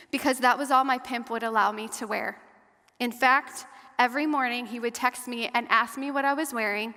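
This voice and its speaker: Woman guest speaker, fairly high voice, earnest testimony, measured delivery, long hall reverb. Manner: earnest and measured, slowing and softening at hard moments. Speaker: guest speaker and survivor advocate. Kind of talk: personal testimony talk to an audience. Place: large hall or church.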